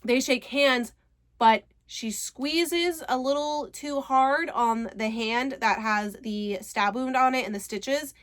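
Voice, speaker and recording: A woman's voice: sits high, takes it slowly, a bit bright. A woman casually recapping a book, chatty, retelling scenes and quoting characters' lines. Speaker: book reviewer.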